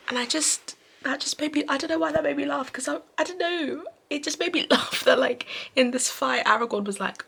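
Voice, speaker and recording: A young woman chatting casually in a reading vlog, rambling with many fillers and quick asides. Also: medium pitch, vocal fry, fairly bright tone. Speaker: book vlogger. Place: bedroom at night.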